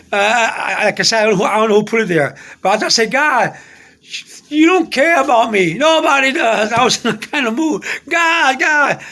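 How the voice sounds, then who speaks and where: A man telling a personal faith story in a rambling, halting way, repeating himself and restarting often. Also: high voice, fairly bright tone.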